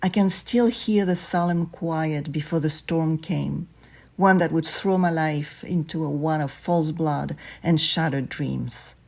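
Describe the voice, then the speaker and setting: A woman reading student stories aloud in a calm, measured way. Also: low voice, gravelly. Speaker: narrator.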